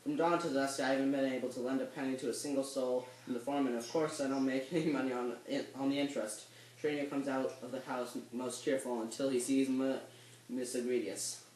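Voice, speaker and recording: Guy reading a play out loud, kinda far from the mic, echoey. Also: mid-range voice, steady tone, brisk, slight background noise. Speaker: student reader. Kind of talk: reading a play script aloud, all parts. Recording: echoey room, voice a bit off the mic.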